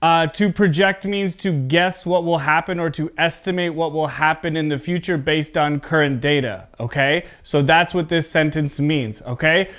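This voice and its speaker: A man teaching an online English pronunciation lesson, explaining slowly and deliberately, repeating example words with exaggerated stress and checking in with "okay?". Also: on the high side, fairly bright tone.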